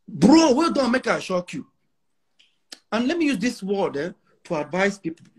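Animated Nigerian man, high husky voice. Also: normal speed. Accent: Nigerian English with Pidgin. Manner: emphatic, repeats himself, mixes in Pidgin. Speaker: interview guest, musician. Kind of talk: boastful interview talk.

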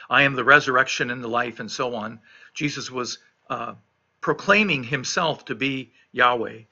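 A man's voice: medium pitch, vocal fry, bright, forceful tone, lo-fi sound. A man leading a noontime prayer, reading a psalm aloud and reflecting on it in a plain-spoken, informal way with frequent restarts. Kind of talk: informal devotional teaching.

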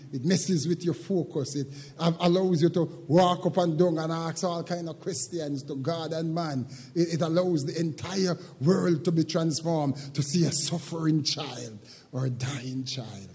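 An older man preaching a sermon as pastor, moving from quiet, halting reflection to loud, shouted preaching. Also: a little high, husky, in a large hall. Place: church sanctuary.

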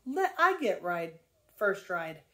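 A woman's voice: mid-range voice, very animated, slow pace, pushed and bright, heavily acted. A grandmother voicing a boastful young farm boy who scoffs in broken English. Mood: scoffing.

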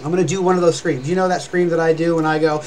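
A young man races through a chatty live-stream explanation of screaming and growling, rambling and demonstrating along the way. His voice is on the high side with fairly even intonation, and there's background noise.

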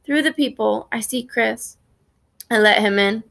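A woman's voice: a little high, measured pace, gravelly, fairly bright tone. A woman narrating a children's story in the first person, reading expressively. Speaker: audiobook narrator.

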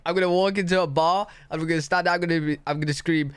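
A man's voice: fairly high pitch, steady tone, quick pace, smooth, no echo. A young man from Britain reacting to a travel video in casual commentary, joking and laughing between remarks.

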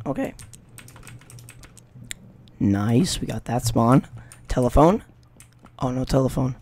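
A gaming YouTuber giving let's play commentary, excitable and trash-talking the game, swinging between loud outbursts and hushed mutters. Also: mid-range voice, slow pace. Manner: playful trash talk at the game.

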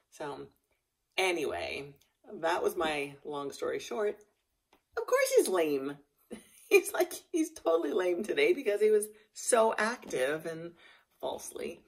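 A woman vlogger telling a rambling, animated story in a casual chatty way. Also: lowish voice, a little slow, creaky, husky.

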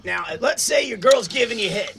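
A man voicing a crude, drunken male redneck advice-giver who rants in loud, vulgar bursts for a comedy call-in show. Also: high-pitched, animated, brisk, slight background noise, full character voice. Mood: rowdy ranting. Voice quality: gravelly shouting rasp. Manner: rowdy, boastful, vulgar rants.

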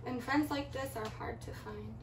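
A woman teacher gently reading a letter aloud to children, then speaking to them, heard from far off in an echoey room. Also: fairly high pitch, moderate pace, background noise.

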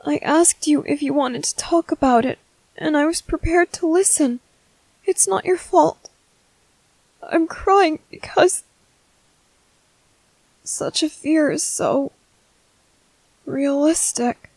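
A woman voicing a tender young man comforting his partner in a whispered role-play, speaking softly, slowly and reassuringly. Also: a little high, no room sound, low-quality recording. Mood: tearful. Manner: soft, slow, reassuring.

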